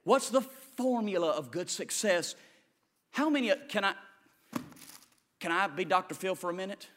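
A male preacher giving a sermon, swinging between loud shouted lines and quiet low asides. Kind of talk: energetic sermon.

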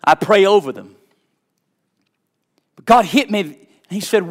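A middle-aged man, a pastor preaching a sermon with personal stories, fervent and swinging from hushed tones to shouts. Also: high-pitched, normal speed, long pauses. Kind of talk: sermon with storytelling.

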